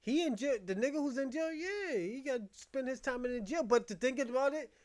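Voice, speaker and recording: A man's voice: very high-pitched, animated, fairly quick, a little mellow. A man from Boston giving a casual commentary rant, blunt, profane and repetitive as he vents. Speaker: commentary host.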